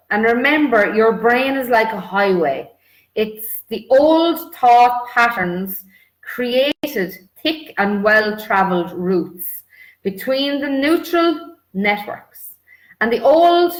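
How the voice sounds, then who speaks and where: Woman giving a roomy self-help talk. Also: medium pitch. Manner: conversational, many filler "like"s. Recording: roomy echoey room.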